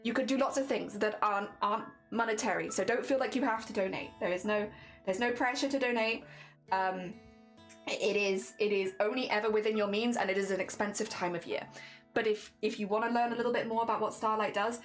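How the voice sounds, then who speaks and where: A woman's voice: medium pitch, soft background music. A young woman streaming a charity fundraiser, talking earnestly and a little tearfully, often restarting her sentences. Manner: earnest, emotional, halting with restarts. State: teary. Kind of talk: casual charity livestream chat.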